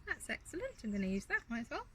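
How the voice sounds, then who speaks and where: A woman's voice: fairly high pitch, big pitch swings, fast, pushed and bright. A woman talking casually while repotting plants in a garden, giggling now and then and chatting to her dog between steps. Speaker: gardening vlogger. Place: garden outdoors. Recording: noisy outdoor recording.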